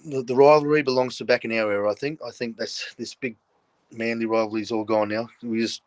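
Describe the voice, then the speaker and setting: A man's voice: mid-range voice, steady tone, fairly quick, no echo. An older Australian man spins yarns in a blunt, blokey way and keeps breaking into laughter. His voice sits mid-range and sounds dry and close, with no room around it. He joins the chat over a video call. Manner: laughs often while telling stories, blokey and frank. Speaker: guest, former rugby league player. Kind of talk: casual storytelling chat.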